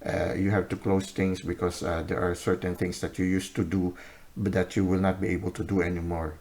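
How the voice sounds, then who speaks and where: A man with a very deep voice talks through a tarot spread to his viewers. He goes slowly, pausing on fillers and checking in with a questioning "no?" or "okay?" as he explains each card. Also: flat delivery, vocal fry, a little mellow. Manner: unhurried, many "uh" pauses, often ends with "no?" or "okay?". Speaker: tarot reader. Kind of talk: unscripted tarot reading to camera.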